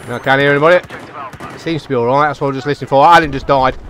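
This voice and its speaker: A young man giving excitable, chatty commentary over his own game, talking to himself and his teammates. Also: medium pitch, rapid-fire, slight background noise. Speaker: gaming channel host. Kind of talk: live gameplay commentary.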